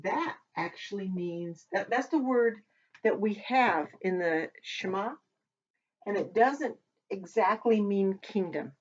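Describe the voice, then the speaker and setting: Slow, patient woman teaching. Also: mid-range voice. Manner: talks while writing, with pauses and self-corrections. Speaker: Hebrew teacher. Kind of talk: slow, patient lesson at a whiteboard. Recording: dull lo-fi recording.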